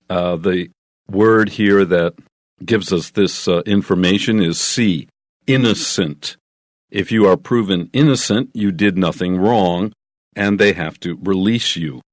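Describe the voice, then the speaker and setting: A man teaching English in a measured, explanatory way, walking through each answer with small examples. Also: on the low side, dry recording, studio quality.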